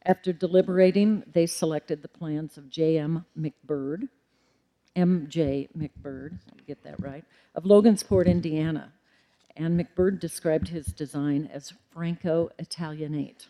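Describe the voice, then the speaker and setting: A middle-aged woman, a librarian, giving a formal public lecture in a measured way with occasional ums and self-corrections. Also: low voice, steady tone, mellow.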